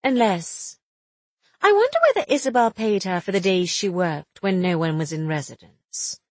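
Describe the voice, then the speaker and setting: A woman reading the lines of a quick-witted young woman amateur sleuth, chatty and teasing, with a breathy voice. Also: lowish voice, animated, dry recording, pitched below the performer's own voice. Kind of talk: audiobook dialogue reading.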